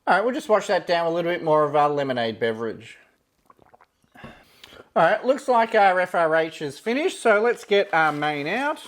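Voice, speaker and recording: A man reviewing ration food in a casual, relaxed commentary style. He thinks aloud as he tastes, often opening with "yeah, look" and pausing on fillers. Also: a little high.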